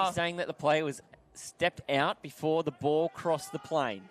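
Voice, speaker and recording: A man with an Australian accent calling a game as an excitable play-by-play commentator who climbs to shouts on the big plays. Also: fairly high pitch, measured pace.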